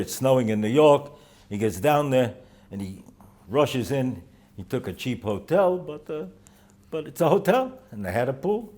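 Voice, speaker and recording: An older man, a rosh yeshiva, giving a holiday talk to students, telling stories with dry humor and pausing often with "uh.". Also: medium pitch, a little mellow. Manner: halting, with frequent "uh" fillers. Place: yeshiva in Jerusalem.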